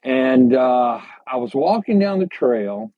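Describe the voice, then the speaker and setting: An older man, a podcast guest, telling hiking stories in a halting, unhurried way during a casual interview. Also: mid-range voice, sing-song, no echo. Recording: slightly dull lo-fi sound.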